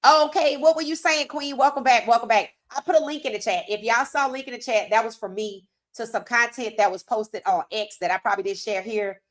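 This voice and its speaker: A woman hosting a live sports talk stream, reading viewer comments aloud and reacting with animated opinions, her voice worn from hours of streaming. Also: on the high side, brisk, few pauses. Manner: animated, talks straight to chat, reads comments aloud. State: losing her voice.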